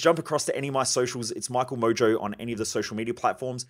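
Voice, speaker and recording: A man's voice: mid-range voice, racing, hardly any pauses. A man hosting a solo podcast, speaking in an emphatic coaching tone and acting out short example dialogues. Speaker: podcast host.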